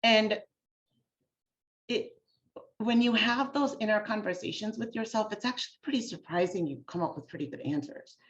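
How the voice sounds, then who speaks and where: A woman's voice: medium pitch, normal speed, highs cut off. A woman author talking casually as a guest, chatty and full of filler words, on a video call. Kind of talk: casual conversation.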